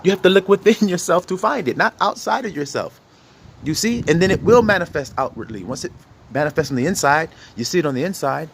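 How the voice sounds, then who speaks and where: Animated preaching man, lively pitch. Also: a little fast, gravelly, slightly rough. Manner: animated, conversational preaching with rhetorical questions. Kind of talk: informal sermon.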